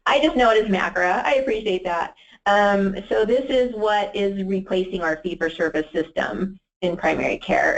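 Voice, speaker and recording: A woman's voice: medium pitch, rough recording. A woman presenting a webinar in a casual, enthusiastic way, with many fillers and restarts.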